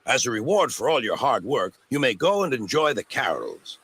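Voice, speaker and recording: A man's voice: medium pitch, sing-song, normal speed, background noise. A man voicing a stout, stern older railway controller, formal and commanding. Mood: warm. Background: music.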